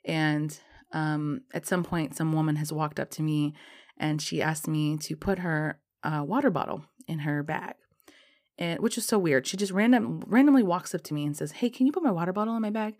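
Woman, deep voice, casual storyteller, filler-heavy, animated. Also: normal speed. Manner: chatty, lots of fillers like "um" and "you know"; lively, acts out dialogue in her story.

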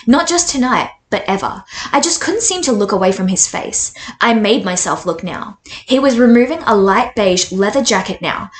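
A woman in her twenties chatting casually and reading aloud from a novel, animated and incredulous, rambling with lots of fillers. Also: mid-range voice. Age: 20s. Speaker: book reviewer. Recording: roomy echo.

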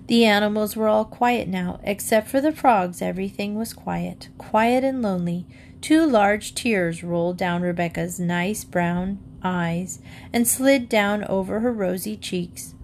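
A woman's voice: a little slow, a little hiss or hum. Woman reading a children's story aloud. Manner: lively storytelling, raises pitch for the girl's lines. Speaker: reader.

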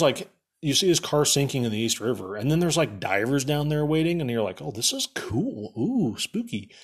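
A young man casually recapping a movie for laughs, rambling with lots of fillers and sarcastic asides. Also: medium pitch.

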